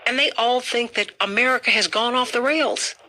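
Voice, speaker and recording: A woman's voice: a little high, normal speed, bright, forceful tone. A woman hosting a call-in talk show, speaking firmly and emphatically. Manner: firm, emphatic, repeats names to cut in.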